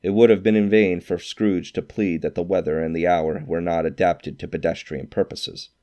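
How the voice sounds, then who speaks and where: A man reading a classic novel aloud as narrator, in an expressive storytelling manner. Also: sits low, normal speed. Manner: expressive storytelling, acts out quoted lines.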